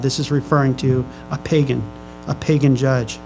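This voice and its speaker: A pastor preaching a sermon to his congregation. He reads scripture slowly, then presses the room with questions, often repeating and restarting his phrases. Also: medium pitch, darkish tone, faint music behind, low-quality recording.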